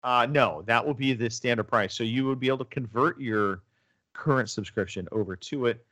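A man's voice: medium pitch, brisk, pushed and bright, dry recording. A man hosting a casual gaming podcast, rambling with lots of fillers and restarts. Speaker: podcast host. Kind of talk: casual chat about video games.

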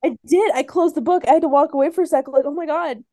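A woman's voice: high-pitched, rapid-fire, dark tone. A woman co-hosting a book review chat, talking enthusiastically and laughing between her remarks. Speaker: book podcast co-host. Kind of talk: casual chat.

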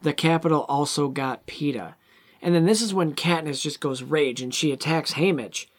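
Chatting casually about a film at normal speed, this man with a voice on the high side animatedly recounts scenes. He performs the characters' lines as he goes.

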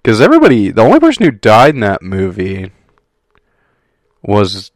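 Low-voiced man laughing through casual chat. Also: huge pitch swings, moderate pace, dry recording, clean studio sound. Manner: laughs often, chatty and amused. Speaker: podcast co-host.

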